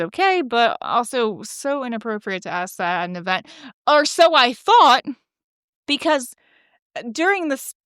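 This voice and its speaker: A woman's voice: fairly high pitch, a bit bright, dry recording. Chatty woman podcast host, dry close mic. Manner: chatty, gossipy, laughing, full of likes. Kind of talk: casual storytelling monologue.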